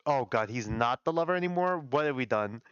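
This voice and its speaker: A man's voice: medium pitch, lively intonation, brisk, fairly bright tone, clean tone, dry recording. A man hosting a livestream, reading a fan visual novel aloud in a casual, self-interrupting way. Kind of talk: casual live reading with chat. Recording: dull lo-fi dry home stream audio.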